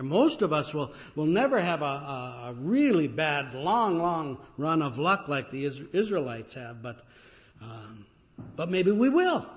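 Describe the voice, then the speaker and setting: A man with a fairly high voice preaches a sermon as a pastor. He talks in an unhurried, reflective way, pausing often and using fillers, on a dull, lo-fi recording.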